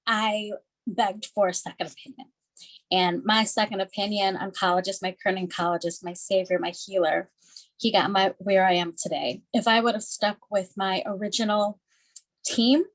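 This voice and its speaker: A woman from the Chicago area speaks on a video call with an everyday mid-range voice. She gives a halting, emotional personal account, full of ums and pauses. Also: medium pitch, poor audio. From Chicago area, USA. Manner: halting, many ums, tearful. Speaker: patient panelist.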